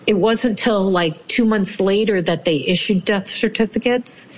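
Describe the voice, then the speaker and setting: A woman telling a personal story in a lively way, acting out the voices of the people she quotes. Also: mid-range voice, unhurried, slight background noise. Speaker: storyteller recounting her experience.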